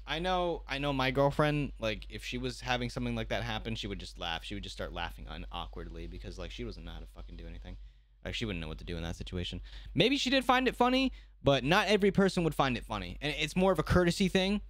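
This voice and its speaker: A young man streaming his reactions to online videos, talking casually, animated and swearing freely. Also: mid-range voice, fast, dry recording. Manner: animated, swears a lot, restarts mid-thought.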